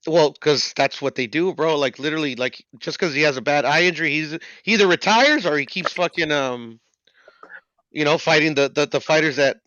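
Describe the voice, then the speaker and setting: A man with a fairly high voice pushes his boxing point in halting bursts full of fillers. The recording is dry, dull and lo-fi. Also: bright, forceful tone, dry recording. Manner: halting, many ums and uhs. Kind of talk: casual boxing debate.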